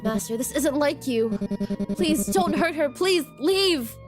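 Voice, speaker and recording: A woman's voice: sits high, animated, slow pace, over music. A woman voicing an anxious, protective young man who pleads and apologizes, reading game dialogue. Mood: pleading.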